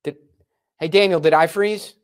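Animated male podcast host. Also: a little high, moderate pace. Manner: animated storyteller, acts out quotes. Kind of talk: casual interview.

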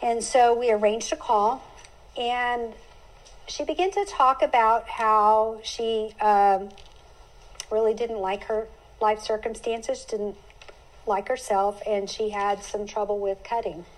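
A woman's voice: a little high, fairly even intonation, slow pace, rough recording. A middle-aged woman hosting a Bible teaching podcast, speaking earnestly and heartfelt, with homey turns of phrase.

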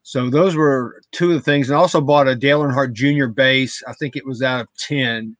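A man in casual chat, retelling what happened in an animated way with repeated words. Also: medium pitch, brisk, dry recording. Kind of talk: casual storytelling.

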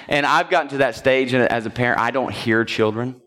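A man's voice: medium pitch, fairly quick, sharp tone, slight background noise. A man preaching a sermon in a church, telling a personal story in a loose, conversational way, often checking in with the congregation and chuckling as he goes. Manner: chuckles while telling stories. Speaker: pastor. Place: church sanctuary.

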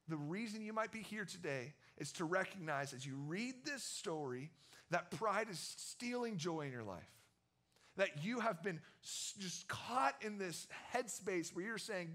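A young man preaching to a youth group, his voice bright and forceful and pitched a little high. He talks casually, with plenty of slang, and acts out quotes as he tells Bible stories. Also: lively intonation, a little slow. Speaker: youth pastor. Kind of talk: sermon.

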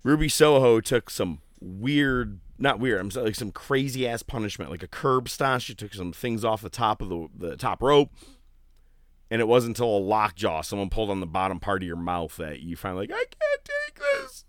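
A man co-hosting a podcast in casual chat, animated and joking, swearing freely. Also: fairly low pitch, moderate pace, dry recording. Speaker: podcast co-host.

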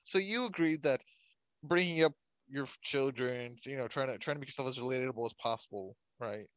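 A man's voice: medium pitch, a little fast, dry recording, highs cut off. Wry man in casual chat. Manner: relaxed, wry, chuckles at his own jokes. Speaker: podcast co-host.

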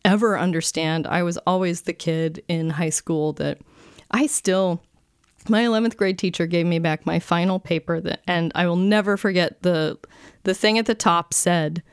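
Lively storytelling woman, dry sound. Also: fairly low pitch, normal speed, smooth, no echo. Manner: lively storyteller, acts out quoted voices. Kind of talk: casual chat.

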